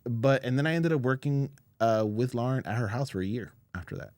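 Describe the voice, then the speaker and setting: A man, a guest in an interview, telling relaxed anecdotes full of fillers in casual conversation. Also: mid-range voice, fairly quick, no room sound. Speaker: audio engineer guest.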